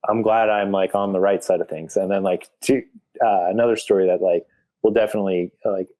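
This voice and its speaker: A man's voice: sits low, fairly even intonation, a little fast, dark tone. A man telling a story as a podcast guest, rambling casually with lots of filler words. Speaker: podcast guest, graphic artist.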